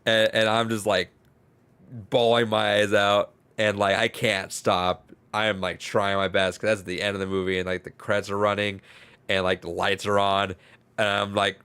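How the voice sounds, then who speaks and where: A low-voiced man with a gravelly edge, rambling through a casual podcast story. He restarts his words often and swears easily. His voice stays smooth and resonant under the grit. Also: little pitch movement, normal speed, fairly bright tone, no echo. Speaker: podcast co-host. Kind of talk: casual chat.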